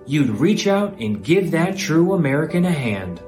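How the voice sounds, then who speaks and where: A man's voice: sing-song, measured pace, a little mellow, reverberant, faint music behind. A man voicing a solemn, pleading male announcer in a mock charity fundraising ad. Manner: earnest, pleading pitch.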